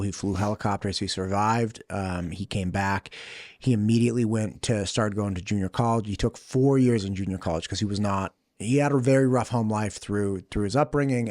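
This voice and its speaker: A man hosting a podcast, telling a long family anecdote in a casual, animated way, laughing often as he goes. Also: on the low side, no room sound, clean studio sound. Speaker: podcast host. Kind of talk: casual storytelling chat.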